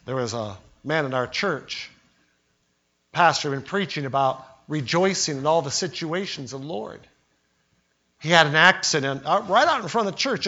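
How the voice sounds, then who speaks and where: A man's voice: high voice, fairly bright tone, highs cut off. An older man preaching a sermon as pastor, telling stories and acting out the quotes. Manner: storytelling preacher, acts out quotes with voices.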